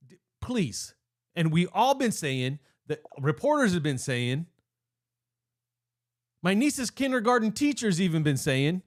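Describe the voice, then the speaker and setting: A man's voice: high voice, sing-song, a little slow. A young man hosting a fan channel, ranting live with heated emotion, rambling and cutting himself off mid-thought. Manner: heated, rambling, self-interrupting. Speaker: sports fan channel host. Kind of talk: emotional live-stream rant.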